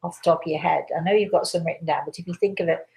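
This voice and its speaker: A woman's voice: on the low side, fairly even intonation, racing, creaky, darkish tone, poor audio. An older woman and spiritual medium, answering audience questions in a chatty, repetitive way with frequent restarts. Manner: chatty, repeats phrases, restarts often. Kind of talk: casual live Q&A talk.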